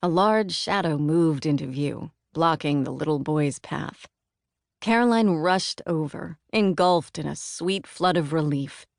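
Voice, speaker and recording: A woman narrating a novel as an audiobook in an even, measured manner. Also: low voice, gravelly, no echo, clean studio sound. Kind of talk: scripted narration.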